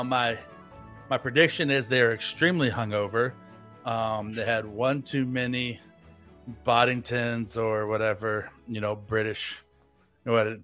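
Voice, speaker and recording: A fill-in host on a sports podcast, an American man living in Tampa, Florida, banters in a joking, rambling, playful way. His voice is mid-range with a sharp tone.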